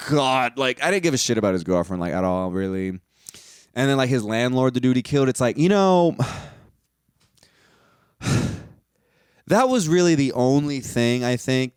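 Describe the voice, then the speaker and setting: A young man rants through a casual movie review, swearing freely and rambling through fillers. His pitch swings all over the place. The sound is dry, with no room around it. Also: a little mellow, smooth, dry recording. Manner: profane, rambling, full of fillers, mocks scenes in high put-on voices.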